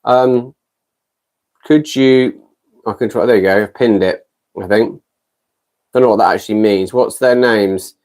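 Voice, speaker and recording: A man's voice: lowish voice, unhurried, pauses often, darkish tone. A British man in his fifties chatting casually on a live stream from his garden shed, rambling and self-deprecating between ukulele songs. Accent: British English. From Britain. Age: 50s. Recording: ukulele strumming under the voice. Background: ukulele playing.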